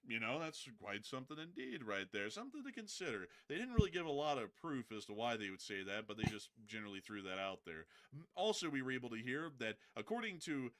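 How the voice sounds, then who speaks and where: A man's voice: medium pitch, big pitch swings, quick pace, few pauses. A man hosting a live news stream, talking through headlines in a loose, joking way with frequent fillers. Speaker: livestream news host. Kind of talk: casual news commentary.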